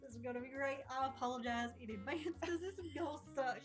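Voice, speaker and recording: A woman's voice: high-pitched, fast. A young woman streamer reading a visual novel aloud on stream with dramatic delivery and frequent laughter. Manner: reads dialogue dramatically, laughs often. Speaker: game streamer. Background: game music.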